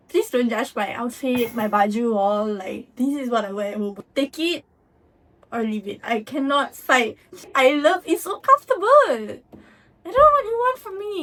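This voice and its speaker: A young woman with a Malaysian English accent, talking to camera in a chatty, expressive vlog. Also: a little high. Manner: chatty and expressive, swings between mumbled and excited. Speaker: vlogger. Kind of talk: casual vlog talk to camera.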